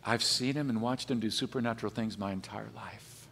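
A man pastor preaching a sermon, animated, swinging between emphatic high peaks and quiet, low asides. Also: a little fast, gravelly, a little hiss or hum. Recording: long hall reverb.

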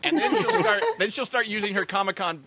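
A man's voice: sits high, huge pitch swings, fairly quick, heavy background noise. A man hosting a podcast in casual chat, laughing often while he teases his guests. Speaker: podcast host.

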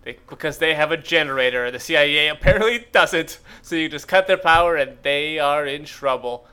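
A man's voice: a little high, fairly quick, pushed and bright, clear, resonant tone. A man co-hosting a comedy podcast, rambling through an improvised story with lots of fillers and quoted character bits. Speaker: podcast co-host.

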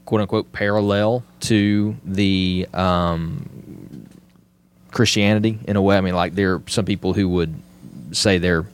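A man's voice: low voice, steady tone, unhurried, smooth. A man co-hosting a casual Christian podcast, leading topics with many fillers and restarts. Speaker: podcast co-host.

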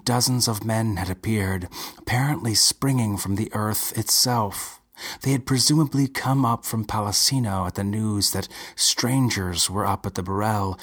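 A man reading a short story aloud in a measured, unhurried way. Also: on the low side, fairly bright tone, husky. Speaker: narrator.

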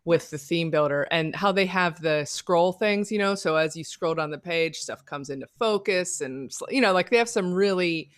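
A woman's voice: on the low side, normal speed, hardly any pauses, no room sound. A woman co-hosting a casual technical chat on a video call, talking enthusiastically and piling up examples with lots of fillers. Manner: chatty, enthusiastic, piles on examples with many fillers.

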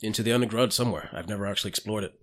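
A cautious older barkeep who has survived by never asking questions, speaking low and hushed as a game master puts him on. His voice sits deep and subdued, the tone of a man who would rather not get involved. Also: very fast, natural voice. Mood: guarded. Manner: low, quiet and guarded. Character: wary older male bartender, keeps his head down.

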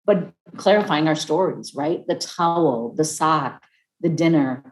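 A woman in her fifties talking casually and warmly about marriage, acting out other people's voices as she tells stories. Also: low-pitched, a little slow. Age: 50s. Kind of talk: casual heartfelt conversation. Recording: echoey room.

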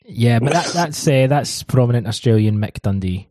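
A man hosting a casual football podcast panel, chatty and quick to laugh as he steers the segments. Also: mid-range voice, lively intonation, warm tone, no room sound. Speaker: podcast host.

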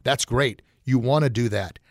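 A man's voice: medium pitch, moderate pace, no echo, clean studio sound. Folksy motivational podcast host, man. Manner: folksy, encouraging, frequent fillers. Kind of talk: motivational talk.

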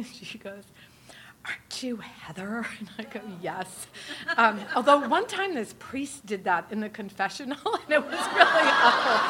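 A woman tells her story to a live audience in a bright, slightly high voice, chatty and rambling, with frequent laughs and fillers. Her speech comes across as warm and unscripted. A faint hum of room noise sits underneath. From New Hampshire. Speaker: speaker giving a testimony talk.

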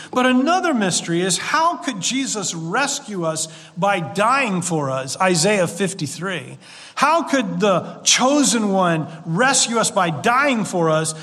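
A man with a notably high voice preaches a sermon in an earnest, conversational way, dropping folksy asides as he goes. His words ring out with a long reverb, as if in a church sanctuary. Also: fairly bright tone. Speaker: pastor.

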